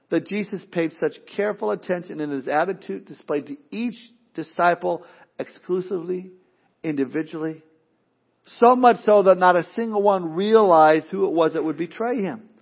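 A man with a high voice preaches a sermon in a loose, conversational way, breaking into asides and playful mock voices. The recording sounds dull and lo-fi. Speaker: pastor.

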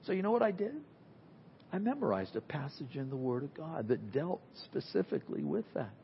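A man preaching an unscripted sermon, swinging from loud emphasis to near-whispers and acting out complainers in quick asides. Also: on the high side, muffled recording, slight background noise. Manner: animated, swings from loud to very quiet. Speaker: pastor.

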